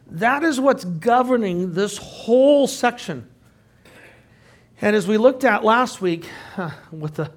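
A middle-aged male pastor preaching a sermon in a conversational way, with joking asides. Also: high voice.

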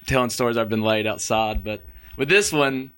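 A man's voice: medium pitch, normal speed, fairly bright tone, smooth. Laughing man telling a rambling story. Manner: rambling, laughing, acts out quotes. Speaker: podcast guest, touring musician. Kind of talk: casual storytelling. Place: podcast studio.

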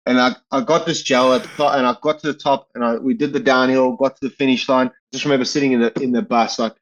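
Man guest, quick rambling yarns, slightly muffled lo-fi sound. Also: mid-range voice, steady tone. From South Africa. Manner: rambling, many fillers and restarts. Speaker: guest, retiring pro cyclist. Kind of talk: casual storytelling interview.

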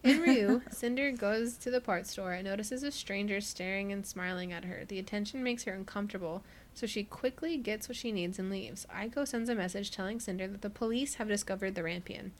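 A woman's voice: medium pitch, fairly quick, a little hiss or hum. A woman co-hosting a podcast, recapping a book in a casual chat, who laughs often and says "like" a lot. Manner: chatty, laughs often, many "like" fillers. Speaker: podcast co-host.

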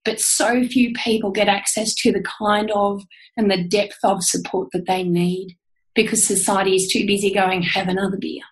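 A woman's voice: medium pitch, level tone, moderate pace, poor audio. A woman with an Australian accent, speaking as a guest on a podcast in an earnest, heartfelt and emphatic way. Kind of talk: candid interview talk.

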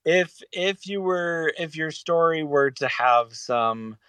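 A man's voice: fairly high pitch, expressive, slow pace, a bit bright, clear, resonant tone, dry recording. A man co-hosting a casual podcast discussion, talking in a rambling way with many fillers and restarts. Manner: rambling, hesitant, with frequent fillers. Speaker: podcast co-host.

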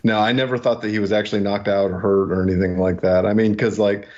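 A man's voice: fairly low pitch, little pitch movement, fast talker, a little mellow. A man guesting on a casual film review podcast, rambling through his theories with many likes and you-knows. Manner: rambling, filler-heavy theorizing. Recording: dull, muffled sound.

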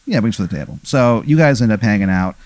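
This host spins an invented scenario in a loose, rambling way, full of fillers and restarts, jumping into voices for each character. His lowish, slightly mellow voice is animated and fast.

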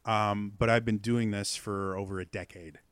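A man's voice: fairly low pitch, fairly even intonation, normal speed, a bit bright, clear, resonant tone, no room sound. Chatty man with a dry, close sound. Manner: rambling explanations full of ums and uhs. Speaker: podcast guest teaching accents. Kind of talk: casual podcast chat.

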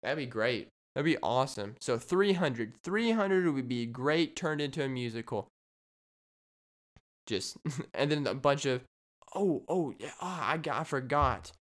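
A man's voice: mid-range voice, lively intonation, measured pace, fairly bright tone. A man hosting his own solo podcast, rambling in a jokey way and riffing on silly ideas. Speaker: podcast host. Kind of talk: solo comedic podcast monologue.

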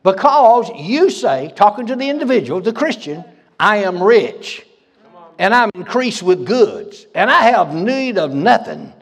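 A man's voice: high-pitched, sing-song, a little slow. A man preaching a sermon as pastor, fiery and folksy, laughing between lines in a church. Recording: reverberant church hall.

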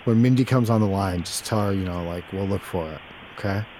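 A man voicing a panicky cheating husband who pleads in a lowered, hushed voice. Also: fairly quick, noisy background, close to an everyday voice. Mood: pleading.

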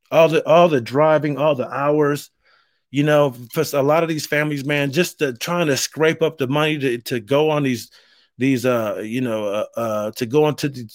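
A man's voice: medium pitch, dry recording, clean studio sound. Earnest rambling man hosting a podcast. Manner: earnest, rambling, heartfelt, peppers talk with "man". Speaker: podcast host. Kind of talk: casual solo podcast monologue.

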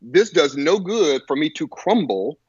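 A man telling a personal story in a halting way, with many fillers and restarts, on a muffled lo-fi recording. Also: fairly high pitch, sing-song, darkish tone, husky, no echo. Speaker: guest. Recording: muffled lo-fi audio.

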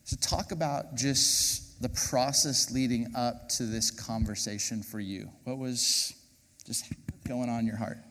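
A man, a pastor, gently interviewing guests on stage during a sermon, halting with many fillers. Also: medium pitch, fairly even intonation. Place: large church auditorium with congregation. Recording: reverberant church hall with audience.

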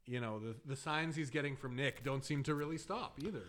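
A man's voice: mid-range voice, brisk, fairly bright tone. Man co-hosting a casual podcast. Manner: thoughtful, recaps the story with many restarts. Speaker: podcast co-host. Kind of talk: casual book-club chat.

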